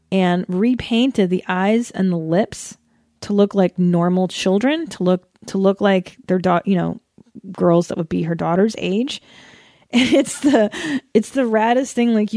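A woman's voice: medium pitch, no echo. Woman podcast host in her thirties, loose and profane, laughing through a solo rant, dry close-mic sound. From United States. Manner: animated, profane, laughing often.

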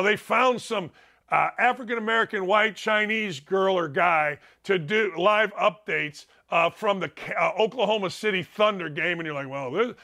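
An older man hosting a talk show in a high, bright voice. He rants bluntly and combatively, firing off opinions in a monologue. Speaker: sports talk show host.

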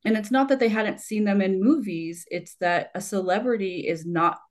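This is a forties-aged woman talking casually on a podcast, with a medium-pitched voice at normal speed. She rambles at length, often starting over and breaking into laughter.

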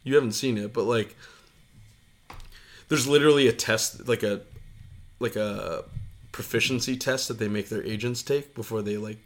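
A man's voice: on the low side, normal speed, long pauses. A man co-hosting a casual podcast while feeling unwell, his voice giving out. He talks in a rambling, profane way and laughs a lot. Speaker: podcast co-host.

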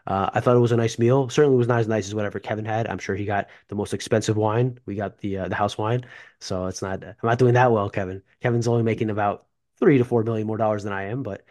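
A man's voice: on the low side, steady tone, a little mellow. A man co-hosting a casual sports podcast as a beat reporter, joking at his own expense with plenty of fillers. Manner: quick, self-deprecating, with fillers.

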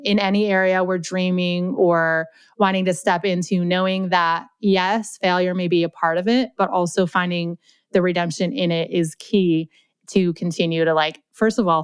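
A young adult woman as a podcast guest, chatting and telling stories in a lively way, with lots of "like" fillers. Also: lowish voice, clear, resonant tone, dry recording. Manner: chatty, animated, heavy use of "like". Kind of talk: casual storytelling interview.

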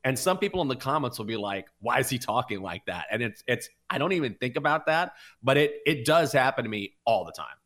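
A man's voice: medium pitch, very animated, fairly quick, few pauses, fairly bright tone. A man in his fifties with a Southern American accent, hosting a sports betting podcast in casual, rambling chat. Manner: rambling, self-reflective, restarts often.

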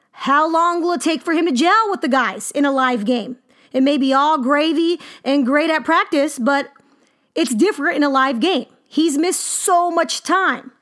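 A woman hosting a sports podcast, talking casually and emphatically about basketball with animated exclamations. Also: high-pitched.

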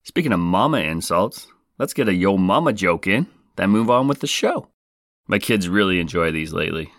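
A man's voice: deep voice, a bit bright, no echo, clean studio sound. A man hosting a comedy podcast, joking and playful as he tells stories. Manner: jokey, playful, quick swings in delivery. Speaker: podcast host.

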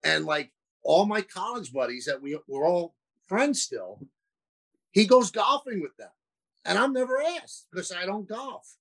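A man's voice: high-pitched, big pitch swings, unhurried, creaky, low-quality recording. Chatty self-deprecating male broadcaster guest. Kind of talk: casual interview chat.

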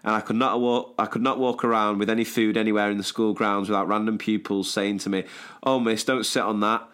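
A man's voice: fairly low pitch, flat delivery, fast, a bit bright, clear, resonant tone. A British man, a teacher who co-hosts a podcast, reading out a funny classroom anecdote in an easygoing way. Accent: British English. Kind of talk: casual chat.

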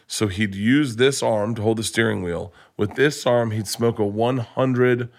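A comedian guest telling a rambling, animated anecdote in conversation, full of restarts and self-corrections. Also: male voice, on the low side, a little slow, vocal fry.

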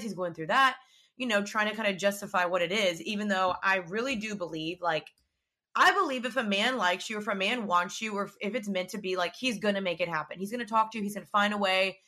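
A woman's voice: medium pitch, sharp tone. A young woman hosting a podcast, chatting casually and animatedly retelling her story with quoted back-and-forth. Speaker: podcast host.

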